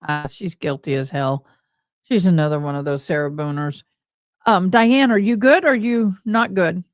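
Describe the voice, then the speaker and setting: A woman's voice: on the low side, moderate pace, no echo, clean studio sound. A woman with a Texan accent, hosting a casual livestream in a chatty, bubbly way and often saying y'all. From Tennessee, USA. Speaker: livestream host.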